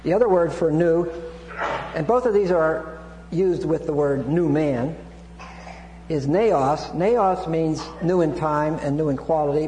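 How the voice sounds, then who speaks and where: A man with a slightly high, slightly slow, mellow voice preaches an expository Bible sermon. He teaches in a digressive way, restarting often, adding asides and dropping in Greek terms. The sound is echoey, in a hall with a hum.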